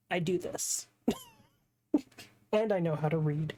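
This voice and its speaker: A woman's voice: fairly low pitch, slow pace, long pauses, dark tone, slight background noise. A woman streaming a game playthrough live, chatty and laughing at her own slips. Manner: chatty, laughs at herself, self-deprecating. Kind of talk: live game playthrough, reading dialogue aloud.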